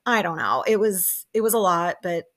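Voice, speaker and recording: Excitable woman gushing in casual chat. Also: fairly low pitch, moderate pace. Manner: chatty, excitable, lots of "like" fillers, quoting people in lively bursts. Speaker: podcast host. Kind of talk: casual solo recap chat.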